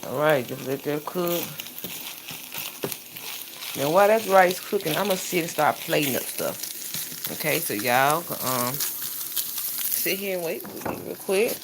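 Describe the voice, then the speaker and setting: A woman's voice: deep voice, expressive, slow pace, long pauses. A woman chatting playfully to her viewers while she cooks breakfast, in a goofy, talkative way. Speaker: home cook vlogger. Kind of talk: casual cooking chat to viewers. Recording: sizzling cooking noise behind.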